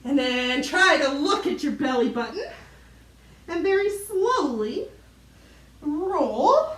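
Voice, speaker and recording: A woman's voice: high voice, very animated, slow pace, fairly bright tone, recorded from a distance. A woman leading a children's yoga class, playful and encouraging, making animal sounds for the kids. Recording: roomy echo, voice from off mic.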